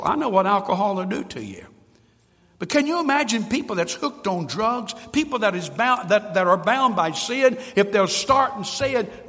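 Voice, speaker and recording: High, lively male preacher in a church. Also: moderate pace, in a large hall. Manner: emphatic preaching, swinging from loud to hushed. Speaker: pastor. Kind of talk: sermon. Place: church sanctuary.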